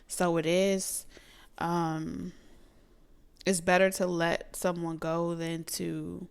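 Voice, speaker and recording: A young adult woman giving a casual tarot reading as a psychic medium, chatty and emotive, with soft asides. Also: lowish voice, smooth.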